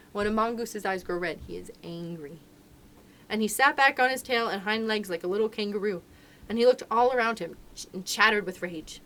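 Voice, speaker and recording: Woman, children's librarian, storybook read-aloud, expressive, mid-pitched voice, faint background noise. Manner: expressive, lively narration.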